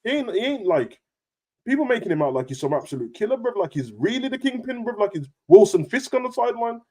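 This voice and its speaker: A young man talks football at a rapid clip, full of street slang. His pitch leaps high when he gets worked up, and he rattles the points off quickly. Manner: animated, slangy, rapid banter with big pitch jumps. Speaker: football podcast host. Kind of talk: casual chat.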